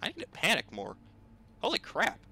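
A man's voice: a little high, huge pitch swings, normal speed, gravelly, bright, forceful tone, a little hiss or hum. A young man commentating his own gameplay, exasperated and bickering aloud with the game and himself. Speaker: gaming video host.

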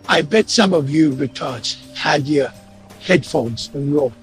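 A man with a high voice that swings in pitch runs a sound check for his chat. He teases his viewers slowly over light music. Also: wildly swooping pitch. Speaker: streamer. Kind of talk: casual stream sound check.

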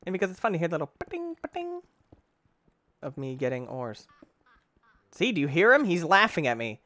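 A man giving excitable, rambling commentary on his gameplay, talking to himself and breaking into sudden shouts. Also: fast, no echo. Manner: excitable, with sudden shouts and big pitch jumps. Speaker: gaming channel host. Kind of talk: let's-play gameplay commentary.

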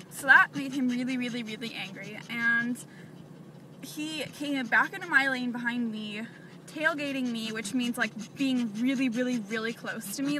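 A young woman vlogging as she drives, chatting and venting with lots of filler words. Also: fairly high pitch. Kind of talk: casual vlog while driving. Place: inside a car. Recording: distant mic with road noise.

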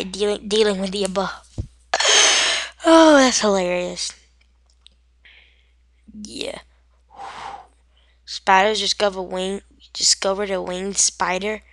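A woman's voice: mid-range voice, normal speed, vocal fry, long pauses, pushed and bright, no room sound, studio quality. Rambling jokey woman gaming. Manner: rambling, jokey, reads screen text aloud. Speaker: gaming video creator. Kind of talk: casual game commentary. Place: indoors at home.

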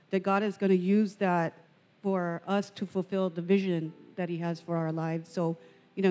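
A woman giving a personal testimony at a church service, earnest and halting, often repeating words. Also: medium pitch, darkish tone.

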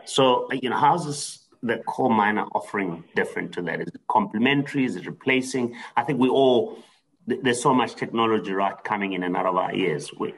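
Gravelly man interviewing with hesitant fillers. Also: on the low side, fairly quick, fairly bright tone, rough recording. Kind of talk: interview questions.

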